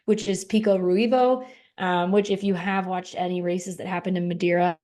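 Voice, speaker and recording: A woman co-hosting a podcast in casual chat, relaxed, with many fillers. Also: fairly low pitch, moderate pace. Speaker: podcast co-host.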